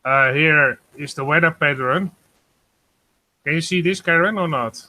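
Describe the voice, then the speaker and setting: A man speaks from home over a video call, his voice bright and forceful. He pitches a touch high and stops often to search for words. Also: no echo. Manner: hesitant, many uh pauses. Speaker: guest giving a weather report. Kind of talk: casual group video call. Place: home in Germany.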